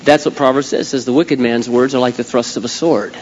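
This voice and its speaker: A middle-aged man preaching a sermon as a pastor, swinging from quiet asides to loud, emphatic outbursts. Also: medium pitch, steady tone, a little fast, lo-fi sound. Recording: long hall reverb, faint hum.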